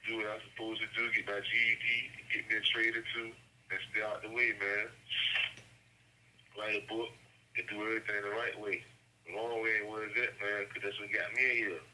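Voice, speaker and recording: A man in his thirties speaking haltingly and emotionally over a prison phone call. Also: fairly low pitch, flat delivery, pushed and bright, a little hiss or hum. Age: 30s. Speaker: incarcerated son on a call.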